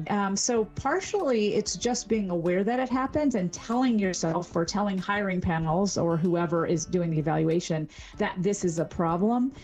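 A woman's voice: mid-range voice, darkish tone. A middle-aged woman, a linguistics professor, explaining things articulately as a guest in an interview. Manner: articulate, explanatory, with some fillers. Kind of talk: expert interview.

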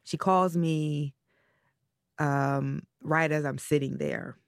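A woman being interviewed as a parent, talking candidly and haltingly, often trailing off as she searches her feelings. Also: low voice, steady tone, creaky, no echo, clean studio sound.

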